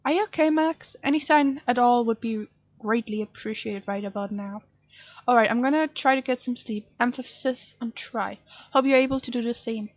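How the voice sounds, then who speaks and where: A woman's voice: a little high, moderate pace, no room sound, lo-fi sound, lightly acted. A woman reading out the texts of an anxious, grieving young man, in a voice close to her own. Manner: reading text messages aloud.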